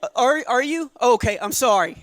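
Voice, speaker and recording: A man in his forties doing a stand-up comedy set, telling chatty stories and acting out quick quotes of the people in them. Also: very high-pitched, expressive, fairly bright tone, dry recording. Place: live venue with audience.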